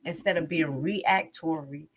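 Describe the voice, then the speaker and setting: A middle-aged woman hosts a casual live stream. Her voice sits fairly low, and she speaks bluntly and with energy. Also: unhurried, breathy edge. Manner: blunt and animated, acts out other people's lines. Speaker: host of a live commentary stream.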